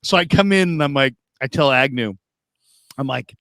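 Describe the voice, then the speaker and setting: A middle-aged man hosting a sports talk show, telling stories in an animated, casual way with frequent stammering restarts. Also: mid-range voice, moderate pace, creaky, no echo, studio quality.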